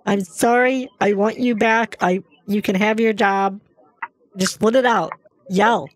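A man's voice: high voice, steady tone, unhurried, slight background noise. A man using a voice changer to play a bossy, scatterbrained young woman caller who keeps saying "like". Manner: rambling, bossy, full of "like". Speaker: scam baiter.

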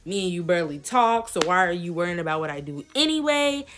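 A young woman vlogger telling a lively storytime in casual slang, acting out what people said. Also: fairly low pitch, quick pace. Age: young adult. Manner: animated, slangy storytelling with quoted voices. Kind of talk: storytime vlog.

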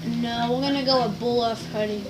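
A woman's voice: on the high side, fairly even intonation, brisk, background noise. A woman casually narrating a video game session for viewers, rambling, joking at herself and giggling. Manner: rambling, giggly, self-mocking, addresses viewers. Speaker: gaming video host. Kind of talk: casual let's-play commentary. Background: game music.

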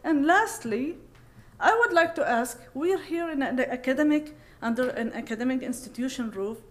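Audience woman, higher voice, impassioned and halting, keeps apologizing mid-question. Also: animated. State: upset, emotional. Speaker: audience member asking a question. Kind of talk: emotional public question at a panel. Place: conference hall.

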